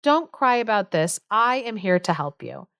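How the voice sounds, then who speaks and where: A woman's voice: mid-range voice, sing-song, moderate pace, fairly bright tone, clean tone, no room sound, studio quality. A woman voicing a talking egg who eagerly reassures a friend in a retold folk tale. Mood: reassuring. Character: cheerful talking egg, storybook helper.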